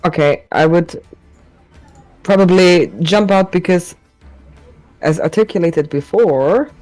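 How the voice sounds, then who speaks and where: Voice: mid-range voice, takes it slowly, darkish tone, soft background music, poor audio. A player in a tabletop game, talking casually with filler words and laughs.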